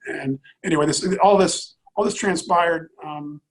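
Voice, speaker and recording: This middle-aged man's voice sits a little high for a man and has a husky, breathy edge. He tells a personal story as an interview guest, earnest and halting, often circling back with fillers and repeated words. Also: low-quality recording. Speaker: airline executive, interview guest.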